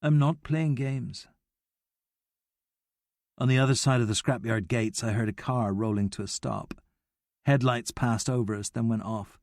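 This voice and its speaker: A man reading a novel aloud in a measured, steady first-person narration. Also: lowish voice, no room sound, clean studio sound. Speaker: audiobook narrator.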